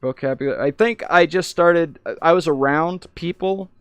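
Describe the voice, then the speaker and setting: Rambling young man streaming, crisp dry voice. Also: fairly high pitch, normal speed, no echo. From United States. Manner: rambling, self-interrupting storyteller. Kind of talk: casual live-stream chat.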